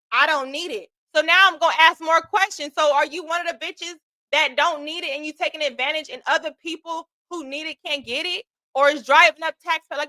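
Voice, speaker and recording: Bright, high-pitched woman ranting bluntly. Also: no echo. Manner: blunt, profane, argumentative. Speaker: host. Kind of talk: heated livestream rant.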